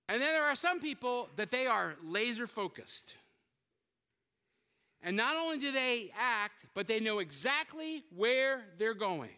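A man preaching a sermon as a pastor, telling the story with lively voices for the characters and joking with his listeners. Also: extremely high pitch, clear, resonant tone, long reverb tail. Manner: lively storytelling, acting out quotes, joking with the congregation.

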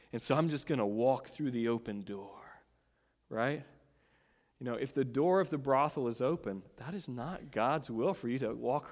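A pastor preaching a conversational sermon, laughing often and putting questions to the congregation. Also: male voice, mid-range voice, long reverb tail.

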